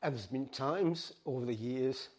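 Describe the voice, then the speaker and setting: A man's voice: medium pitch, a little slow, darkish tone. A middle-aged man preaching a sermon, earnest and pleading, stumbling over words and restarting. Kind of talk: sermon to a ministry team.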